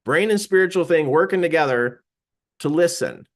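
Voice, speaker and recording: A man's voice: fairly high pitch, animated, moderate pace. A man giving a casual storytelling talk about discovering he is an empath, acting out the voices he quotes and laughing often. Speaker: speaker and teacher on empathy.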